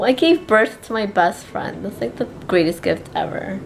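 A woman's voice: mid-range voice, lively intonation, normal speed, gravelly, soft background music. A young woman from New York, a mom, chatting casually and giggling in her daily home vlog. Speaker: daily vlogger. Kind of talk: casual family vlog chat. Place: home, indoors.

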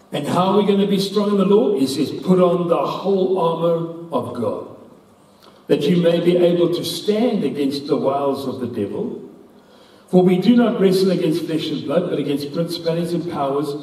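High-voiced preacher in an echoey hall. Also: male voice, warm tone, recorded from a distance. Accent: South African English. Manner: earnest, emphatic, quotes scripture at length. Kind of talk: sermon. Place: church hall.

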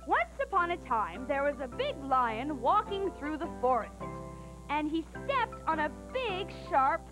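Bubbly sing-song children's TV host. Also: female voice, high-pitched, sing-song, measured pace, music in the background.

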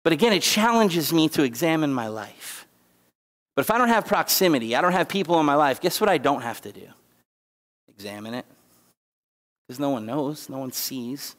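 This guest preacher's voice sits on the high side, fairly bright with lively intonation, moving at normal speed but with long pauses. Standing in a church sanctuary and holding back tears, he delivers his sermon conversationally and emphatically, with asides and restarts. Church hall reverb colors the recording.

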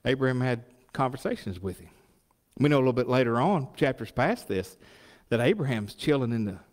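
Folksy preacher in a reverberant church. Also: male voice, medium pitch, fairly quick. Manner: folksy, animated, asks the congregation questions. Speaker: pastor. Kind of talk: sermon.

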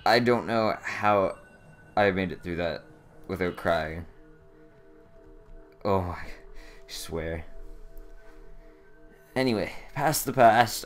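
A man's voice: low voice, takes it slowly, long pauses, soft background music. A young man giving casual gameplay commentary, exasperated and sarcastic, swearing at a puzzle he can't solve. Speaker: let's play commentator.

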